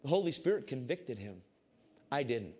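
A man giving a casual, animated Christian testimony to a group. He swings between loud excitement and hushed intensity. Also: mid-range voice, normal speed, breathy edge. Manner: casual, repeats "I said" often. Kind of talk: testimony storytelling to a crowd.

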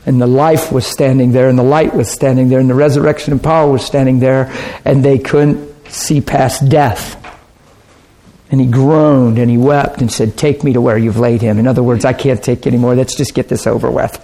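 A man's voice: medium pitch, steady tone, moderate pace, warm tone. A man preaching a sermon in an earnest, conversational way, asking his listeners rhetorical questions.

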